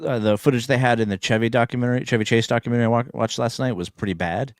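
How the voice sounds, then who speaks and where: A man co-hosting a livestream in casual chat, adding quick, agreeable remarks. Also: mid-range voice, fairly even intonation, no room sound, clean studio sound. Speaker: livestream co-host.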